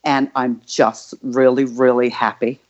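A woman's voice: very deep voice, level tone, darkish tone. Grandmother telling an emotional story, muffled. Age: older. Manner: emotional, halting with fillers. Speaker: guest. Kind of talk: casual storytelling.

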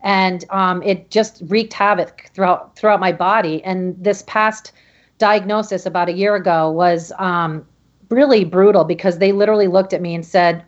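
A middle-aged woman from Connecticut, a podcast guest, telling a personal story in a halting way with many restarts. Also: medium pitch, steady tone, highs cut off. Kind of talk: emotional personal interview storytelling.

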